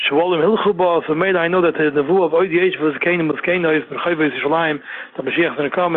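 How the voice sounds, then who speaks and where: A man's voice: a little high, a little hiss or hum. A man giving a Torah sermon, repeating phrases and firing off rhetorical questions. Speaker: Torah teacher. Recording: narrow phone-like radio sound.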